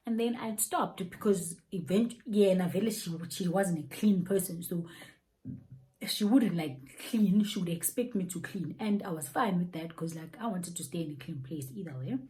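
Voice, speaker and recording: A young South African woman with a South African accent telling an animated story, laughing often and dropping local slang. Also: on the low side, low-quality recording. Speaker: YouTuber. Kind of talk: casual storytime.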